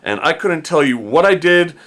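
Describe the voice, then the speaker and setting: Middle-aged man, slangy storyteller, bright voice with a lot of pitch swing. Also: moderate pace. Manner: animated, slangy, peppered with "dude" and "man". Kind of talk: casual spoken storytelling.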